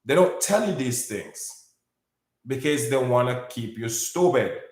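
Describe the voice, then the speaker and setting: A man's voice: mid-range voice, animated, unhurried, echoey room. A man hosting his own video, talking in a rambling monologue to viewers, often repeating words and berating his critics. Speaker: video host. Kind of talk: casual monologue to camera.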